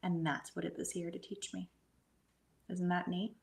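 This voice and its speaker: A middle-aged woman with a low, gravelly voice tells a personal experience in casual conversation. She talks earnestly and slips into soft, breathy asides now and then. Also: flat delivery, normal speed. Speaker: guest medium and hypnotherapist.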